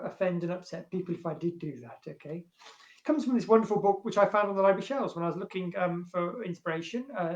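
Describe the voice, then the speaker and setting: A male librarian chats casually from his home and reads love poetry aloud, his voice growing louder and fuller as he recites. The room rings a little around him. The recording sounds slightly muffled. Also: fairly high pitch. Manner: chatty, many fillers, swells louder when reciting. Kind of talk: casual chat and poetry reading. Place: at home, indoors. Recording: roomy, dull home recording.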